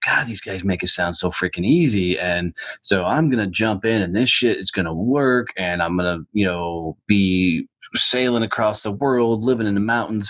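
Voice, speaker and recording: A deep-voiced middle-aged man tells his story in a blunt, profane, animated way. The sound is dry and close, with no room echo. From United States. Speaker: podcast guest. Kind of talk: storytelling in an interview.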